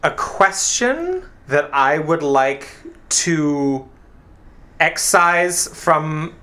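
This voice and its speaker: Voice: medium pitch, lively intonation, drawn-out words, pushed and bright, slight background noise. A podcast co-host in casual chat, blunt and wry, who swears for emphasis.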